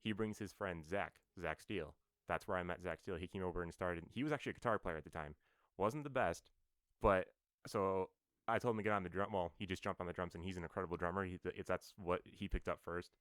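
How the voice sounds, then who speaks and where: A man guesting on a podcast as a band's bassist, telling stories casually with many fillers and restarts. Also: fast talker, a bit bright, no echo, clean studio sound. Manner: rambling storyteller, many fillers. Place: New York.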